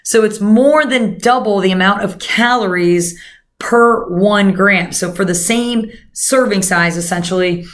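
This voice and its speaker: A slightly slow, medium-pitched woman coaches her audience on nutrition in a casual, chatty style. She speaks to them directly as "guys" and fills her talk with plenty of fillers.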